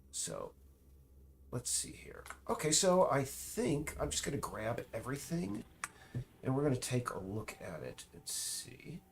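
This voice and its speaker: Middle-aged man, casual work-along chatter, animated rise and fall, stammering restarts, faint background hum. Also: medium pitch, creaky. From United States. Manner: rambling, tangents, frequent restarts and stammers. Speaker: indie game developer streaming. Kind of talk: casual rambling chat while working.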